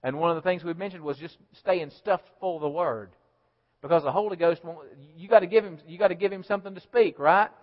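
Pastor preaching in a reverberant hall. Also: male voice, on the high side, a little fast. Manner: preaching with call-and-response asides, rising and falling in volume. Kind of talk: sermon. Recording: dull lo-fi sound with long hall reverb.

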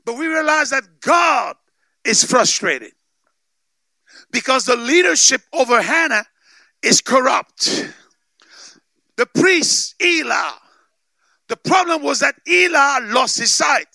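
A man preaching a sermon with emphatic call-and-response, often shouting for emphasis. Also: very high-pitched, lively intonation, slow, creaky, pauses often, dry recording. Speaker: pastor.

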